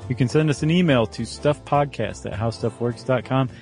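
A man's voice: medium pitch, moderate pace, a little mellow, faint music behind. A man co-hosting a podcast, chatting casually and joking, with frequent ums as he thinks aloud. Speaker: podcast co-host. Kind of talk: casual chat.

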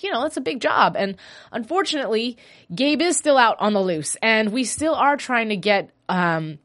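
A woman's voice: fairly high pitch, moderate pace. Chatty woman hosting a fan podcast. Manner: chatty, animated, gushing. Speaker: solo podcast host. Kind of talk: casual fan after-show chat. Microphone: podcast mic.

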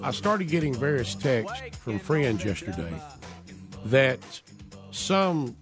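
A man's voice: mid-range voice, very animated, slow pace, music in the background. A male radio host with a Southern accent who chats casually and rambles with many restarts.

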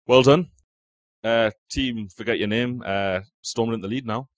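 A man's voice: medium pitch, normal speed, dry recording. A man hosting a casual football quiz on a podcast, reading out quotes and teasing the players with swearing and banter. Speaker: quizmaster. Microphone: studio mic.

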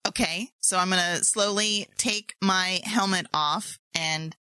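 A woman's voice: lowish voice, steady tone, a little slow, bright, forceful tone, clean tone, dry recording, rough recording. Giggly woman playing a tabletop game. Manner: giggly, playful. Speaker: player. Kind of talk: tabletop role-play, speaking in character.

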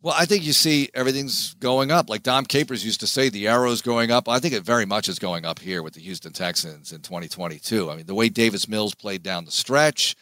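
Animated announcer man, dry sound. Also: lowish voice, fairly quick, few pauses, no echo. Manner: animated, emphatic storyteller. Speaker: team play-by-play announcer. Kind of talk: podcast interview guest.

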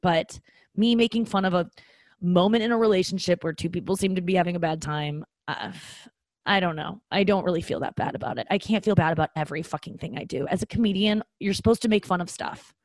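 A woman's voice: on the low side, fast talker, darkish tone, no echo. A woman in her thirties, a comedian hosting her own show, talking candidly and self-deprecatingly with swearing and frequent ums. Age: 30s. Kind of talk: casual comedic monologue.

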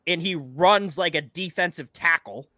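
A man's voice: fairly high pitch, measured pace, over a noisy crowd. A man co-hosting a sports podcast in casual chat, joking and swearing freely. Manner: profane, joking banter. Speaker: podcast co-host.

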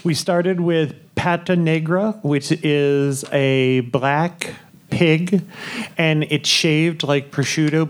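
A man hosting a live podcast from a cruise ship theater, speaking at an everyday middle pitch. He tells stories in a chatty way and often breaks into laughter while the audience listens. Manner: chatty, laughing, enthusiastic food storytelling. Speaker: podcast host.

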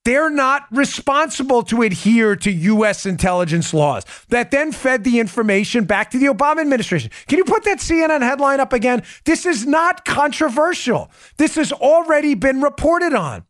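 A man with a notably high voice hosts a political commentary show. He talks emphatically, hammering his points by repeating them, and keeps breaking off into quick asides and restarts. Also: very animated, a bit bright. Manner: asides and self-interruptions. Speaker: podcast host.

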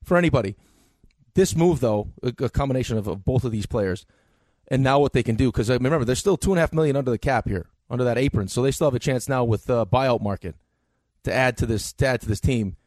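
A man's voice: medium pitch, fast, darkish tone, no echo. Wisecracking male sports radio co-host. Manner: wisecracking, needling analysis. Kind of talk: casual sports radio banter.

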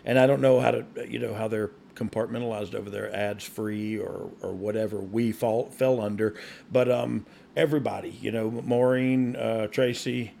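A man's voice: fairly low pitch, steady tone, moderate pace, creaky, dark tone, slight background noise. A man co-hosting a podcast in rambling, joking casual chat. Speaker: podcast co-host.

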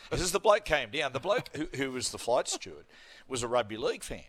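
His voice is mid-range and fairly bright, with big pitch swings and a brisk pace, recorded with no room sound. He's a middle-aged Australian-accented guest host, laughing through blokey stories and banter in casual sports chat.

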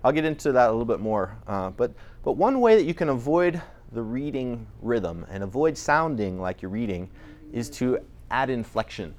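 A man's voice: medium pitch, big pitch swings, moderate pace, a little mellow. A man presenting at a conference, talking conversationally with frequent restarts. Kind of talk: conference talk.

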